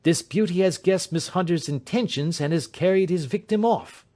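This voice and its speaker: A man's voice: high-pitched, normal speed, voice pushed up, natural voice. A man voicing a keen, commanding male detective in an audiobook reading. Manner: crisp, authoritative, animated.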